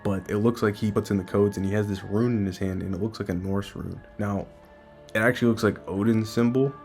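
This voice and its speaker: Deep-voiced man breaking down a manga. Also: fairly even intonation, fairly quick, darkish tone, soft background music. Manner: enthusiastic, speculative. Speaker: manga chapter reviewer. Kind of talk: casual chapter breakdown.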